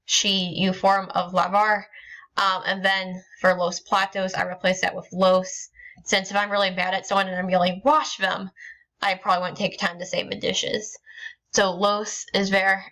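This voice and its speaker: A woman's voice: medium pitch, pushed and bright. A woman teacher explaining grammar step by step in a recorded lesson, with frequent ums and small restarts. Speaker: Spanish teacher.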